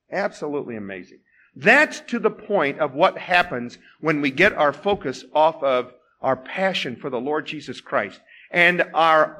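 A man preaching a sermon, asking rhetorical questions and swinging from loud exclamations to hushed tones. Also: fairly high pitch.

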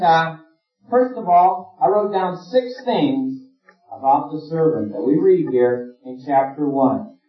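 A man preaching a sermon in an earnest manner, his emphasis rising and falling. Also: a little high. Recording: roomy, distant, dull lo-fi sound with faint music.

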